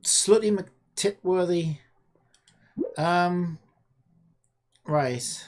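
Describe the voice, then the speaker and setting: A woman with a lowish, darkish voice and drawn-out words streams casually while coding a game. Exasperated, she scolds an AI chatbot with sarcastic swearing.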